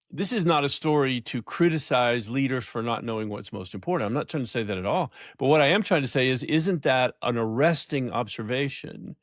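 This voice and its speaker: An older man, a leadership coach, telling stories in a podcast interview, emphatic and slowing down to stress points. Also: medium pitch, dry recording, clean studio sound. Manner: emphatic storyteller, slows for emphasis, laughs often.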